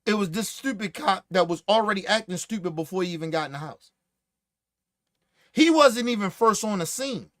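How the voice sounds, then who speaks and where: A man hosting a podcast, telling stories in casual, profane, animated commentary and acting out what others said. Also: high voice, moderate pace, no room sound, clean studio sound. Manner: profane, animated storytelling with acted-out quotes. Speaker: podcast host.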